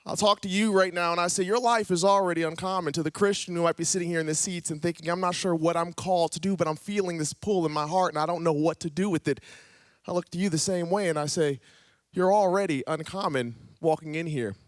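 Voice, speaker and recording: Guy pastor from ohio preaching a story, high voice, jumps around a lot doing the dialogue, dry sound. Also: fast, no room sound. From Ohio, USA. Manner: animated, acts out dialogue with big pitch jumps. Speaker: guest youth pastor. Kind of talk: storytelling sermon. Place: church auditorium.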